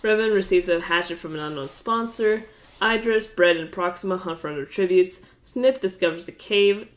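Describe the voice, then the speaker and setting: A congested woman with a slightly low voice reads game events out one after another on a casual live stream. She drops offhand, amused asides between the lines and laughs often. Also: moderate pace.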